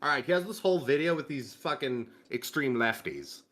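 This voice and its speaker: A man chatting on a stream with a bright, sharp tone. He tells stories in an animated way, his pitch jumping around, and swears freely. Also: fairly quick. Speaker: stream co-host. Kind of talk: casual chat.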